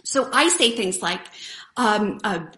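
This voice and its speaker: A woman's voice: mid-range voice, lively intonation, takes it slowly, bright, forceful tone. A woman hosting a live stream, giving a casual, earnest motivational talk and chatting with viewers. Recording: roomy echo.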